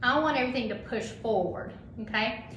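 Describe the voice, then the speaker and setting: A woman instructor leads a hands-on classroom demonstration, loud and upbeat, easing into a slow, soothing tone for a patient now and then. Her voice sits a bit high. The room rings with echo over faint background noise. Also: dull audio. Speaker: dental assisting instructor.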